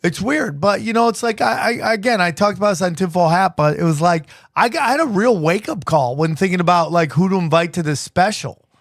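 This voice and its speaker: A man's voice: sits high, animated, a little fast, dry recording, studio quality. A male podcast host chatting casually, often stammering and restarting sentences.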